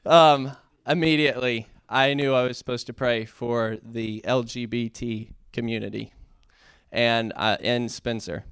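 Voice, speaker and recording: A man sharing an earnest, halting testimony in a church talk that builds into impassioned preaching. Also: mid-range voice, fairly even intonation, a bit bright, clean tone, dry recording, clean studio sound. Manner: earnest, halting, with many fillers and restarts. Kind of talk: heartfelt testimony sermon.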